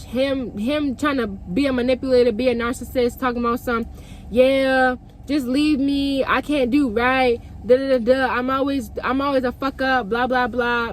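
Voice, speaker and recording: A woman's voice: fairly high pitch, a little hiss or hum. A young woman telling a personal story to her viewers, profane and emphatic, talking straight to the camera audience. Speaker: vlogger. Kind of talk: storytime vlog.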